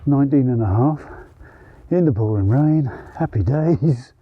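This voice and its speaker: A man casually narrating his carp fishing trip outdoors by a lake, relaxed and pleased. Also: medium pitch, normal speed, no room sound, phone-quality sound. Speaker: angler vlogger.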